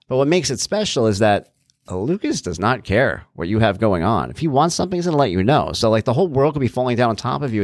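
A man's voice: medium pitch, vocal fry, no echo, clean studio sound. A man hosting his own podcast, talking earnestly and casually, thinking aloud with frequent restarts. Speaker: podcast host and author. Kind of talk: casual solo podcast talk.

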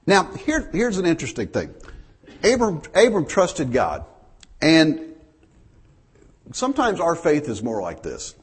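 A man's voice: on the high side, wildly swooping pitch, unhurried, long pauses, slightly rough. A man preaching a folksy sermon, telling stories to his congregation. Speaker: pastor.

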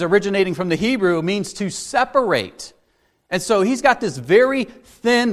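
Male preacher with a higher voice, emphatic teaching sermon delivery. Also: a bit bright. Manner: earnest, emphatic, slows down on scripture verses; teaching, with frequent "right?" asides.

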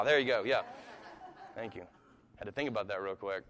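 A man's voice: fairly low pitch, brisk, pauses often, a bit bright. A man preaching a live sermon to an audience, talking conversationally with sudden emphatic rises and occasional chuckles. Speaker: pastor. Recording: long hall reverb.

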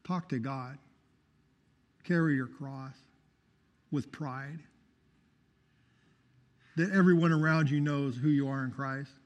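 A man's voice: mid-range voice, steady tone, slow pace, long pauses, muffled recording. A man giving a fervent preaching testimony, calling out for amens. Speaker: testimony speaker. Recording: long hall reverb.

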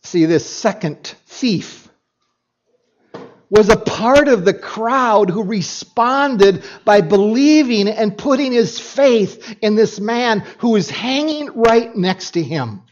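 A man's voice: high voice, animated, takes it slowly. A man preaching a sermon as pastor, reading scripture and making emphatic points with repeats and asides to the congregation. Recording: dull lo-fi recording.

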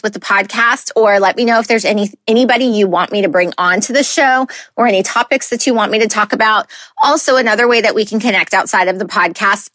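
A woman's voice: on the high side, a bit bright, dry recording. Woman podcast host in her thirties: chatty, earnest, loose with fillers, on a close, dry mic. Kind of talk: casual solo podcast talk.

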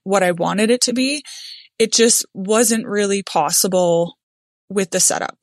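Woman, middle-aged, podcast host, casual and upbeat, smiling voice, mid pitch, dead dry closet. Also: normal speed, no room sound. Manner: upbeat, smiling voice with frequent "like" fillers. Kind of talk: casual solo podcast talk. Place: home closet.

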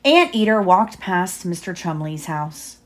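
A mother reading a picture book aloud to her child, pausing to explain pages and ask questions. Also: fairly low pitch, expressive. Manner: stops to explain and quiz the child.

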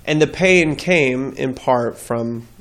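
A man's voice: mid-range voice, slow, a bit bright. A man, a guest on an interview show, telling his faith story in an earnest, reflective way.

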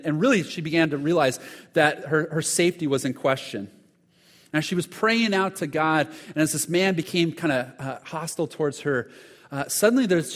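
Earnest man preaching in a reverberant hall. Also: on the high side. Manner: earnest storytelling with frequent restarts. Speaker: pastor. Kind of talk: sermon.

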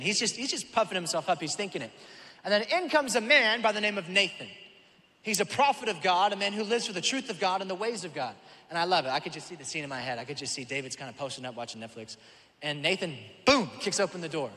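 A male pastor preaching a sermon, telling the story in an animated way and acting out voices. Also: high voice, quick pace, big-room sound. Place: church auditorium.

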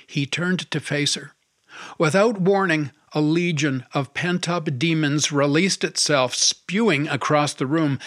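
A man narrating a novel in a measured, even reading. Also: on the high side, no room sound, clean studio sound. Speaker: audiobook narrator. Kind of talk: scripted narration.

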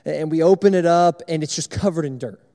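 A young man preaching, telling a personal story in an animated, self-mocking way to a congregation. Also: on the high side, brisk, in a large hall. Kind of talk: sermon storytelling.

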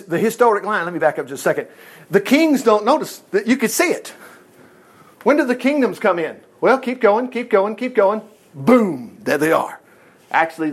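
Animated folksy preacher man. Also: sits high, breathy edge. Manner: folksy, animated, acts out quotes. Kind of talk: informal Bible teaching sermon.

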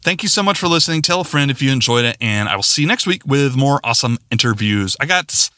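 A man hosting his podcast alone, rambling and excitable, poking fun at himself as he signs off. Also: medium pitch, fast. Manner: rambling, excitable, self-mocking. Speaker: podcast host. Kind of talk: casual solo podcast sign-off.

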